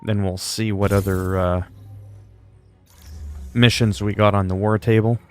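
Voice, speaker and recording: A man's voice: on the low side, little pitch movement, a little slow, a little mellow, smooth, faint music behind. A man chatting casually on a game livestream, rambling and swearing freely. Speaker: game streamer.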